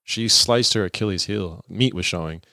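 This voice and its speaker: A man's voice: low-pitched, normal speed, creaky, dry recording, studio quality. A young man telling a casual, profane story and acting out the voices of the people in it. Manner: animated, profane, acts out voices in his stories.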